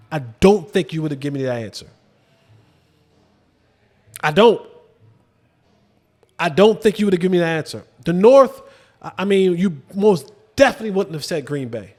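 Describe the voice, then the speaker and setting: A man hosting a sports show, talking casually about football with lively swings and rhetorical questions to viewers. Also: moderate pace, long pauses. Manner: animated, drops to low emphatic asides, rhetorical questions to viewers. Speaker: sports podcast host. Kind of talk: casual football commentary to camera.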